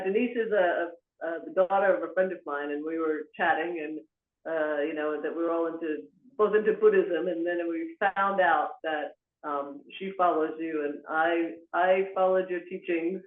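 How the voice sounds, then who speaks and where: A man's voice: on the high side, steady tone, moderate pace. A man asking a question on a video call, hesitant and rambling with many restarts. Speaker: caller. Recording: tinny call audio in an echoey room.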